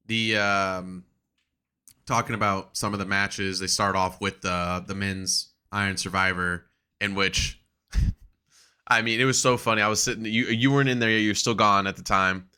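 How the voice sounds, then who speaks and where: Sharp-voiced excitable podcast host man. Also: lowish voice, moderate pace, clean tone. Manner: excitable, profane, acts out quotes. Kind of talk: casual wrestling podcast chat.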